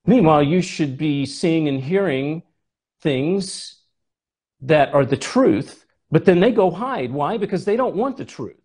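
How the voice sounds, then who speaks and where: Husky, animated male preacher. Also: fairly high pitch, measured pace. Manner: animated storytelling, rhetorical questions. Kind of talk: sermon.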